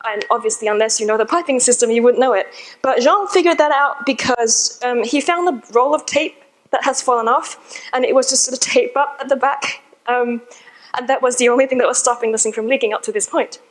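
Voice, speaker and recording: A woman's voice: a little high, a little fast, rough recording. A woman giving a talk to a live audience, telling a personal story in a chatty, self-deprecating way and laughing at herself. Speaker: conference speaker.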